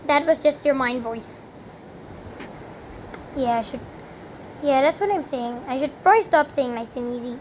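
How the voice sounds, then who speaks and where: A young woman giving chatty, rambling commentary while playing a video game, with sudden loud exclamations. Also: sits high, normal speed, pauses often, slight background noise. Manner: chatty, rambling, exclaims loudly when she fails. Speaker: gaming commentator. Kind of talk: live gameplay commentary.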